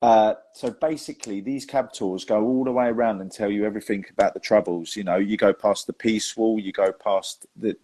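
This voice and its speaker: A young man hosts a casual podcast chat in a fairly low voice. He tells stories in a loose, chatty way, laughing often and calling his guest "mate". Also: fairly even intonation, fairly quick, hardly any pauses, warm tone. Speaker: host and magician.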